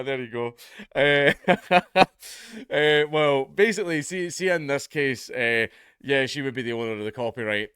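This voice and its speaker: A man's voice: on the low side, sharp tone, clear, resonant tone, dry recording, clean studio sound. A man with a Scottish accent, chatting casually as he reads out and comments on a news article, swearing and laughing now and then. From Scotland. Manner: chatty, swears, laughs at his own jokes. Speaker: YouTube commentator.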